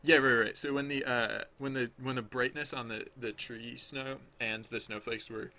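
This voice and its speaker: Rambling man with a gravelly, bright voice. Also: mid-range voice, steady tone, moderate pace, a little hiss or hum. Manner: rambling, hesitant, full of restarts and fillers; chatty with viewers. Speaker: livestreaming digital artist. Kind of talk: thinking aloud while drawing on a livestream.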